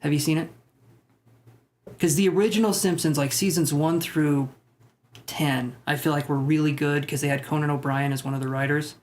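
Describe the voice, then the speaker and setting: A man's voice: on the high side, steady tone, normal speed. A young man hosting a live stream, chatting casually with viewers and rambling with self-deprecating jokes. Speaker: tarot livestream host. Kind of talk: casual live-stream chat reading comments.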